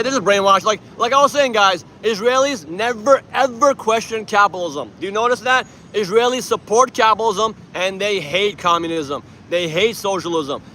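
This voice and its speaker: High, bright-voiced young man livestreaming outdoors. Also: a little hiss or hum. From Iran. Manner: boastful and combative, addresses chat directly. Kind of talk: casual livestream chat. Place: outdoors at a street protest.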